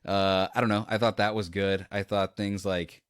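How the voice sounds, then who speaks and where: Low-voiced man rambling through a movie recap. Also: moderate pace, smooth, no echo, studio quality. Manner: rambling, animated retelling with quoted lines and laughs. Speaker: podcast co-host. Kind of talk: casual movie review chat.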